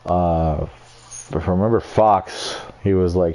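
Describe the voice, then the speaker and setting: Young man, low and mellow, casual, foul-mouthed, self-deprecating gamer tour. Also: fairly even intonation, moderate pace, muffled recording. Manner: rambling, swears freely, self-deprecating. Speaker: gamer showing off builds. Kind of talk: casual screen-recorded walkthrough.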